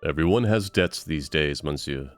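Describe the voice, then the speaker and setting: A man voicing a smooth-talking male con man posing as a nobleman, with a theatrical fake foreign accent and courtly manner. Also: rumbling low, moderate pace, no echo, soft background music, pitched below the performer's own voice. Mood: conspiratorial.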